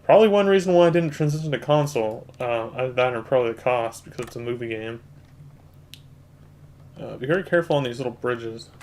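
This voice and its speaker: This gaming channel host plays at his home computer and talks straight to his audience, calling them "guys" while he walks through the controls in casual let's-play commentary. He speaks briskly at medium pitch, with keyboard clicks and a little hiss or hum in the background.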